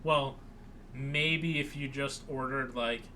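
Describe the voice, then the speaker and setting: A young man co-hosting a podcast, recapping a film in casual chat and acting out the characters' lines in an animated way. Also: mid-range voice, takes it slowly, slight background noise. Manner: animated, acts out quoted lines with raised voice. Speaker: podcast co-host.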